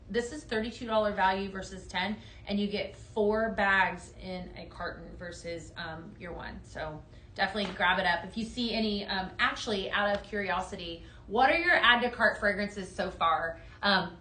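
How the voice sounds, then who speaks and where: A woman's voice: mid-range voice, sharp tone, echoey room, slight background noise. A woman hosting a live home-decor sales stream, gushing over products in an upbeat way and talking straight to viewers. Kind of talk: live product demo chat.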